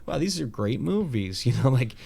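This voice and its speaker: A male podcast host at a middling pitch who talks casually and at length. He rambles through animated retellings of scenes, peppering them with fillers, mild profanity and quick impressions. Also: creaky, breathy edge.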